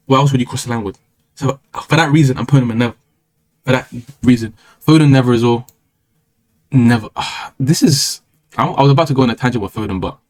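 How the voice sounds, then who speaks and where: Fast-talking slangy British young man. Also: mid-range voice. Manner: slangy, rambling and opinionated. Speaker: live streamer. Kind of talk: casual live-stream chat.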